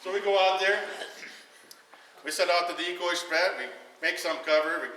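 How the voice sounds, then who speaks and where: A man telling a long, animated story to a party audience, acting out the quoted voices and laughing often. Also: sits high, moderate pace. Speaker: guest speaker telling a story at a retirement party. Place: large echoey hall at a party. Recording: far-off echoey hall recording with faint noise.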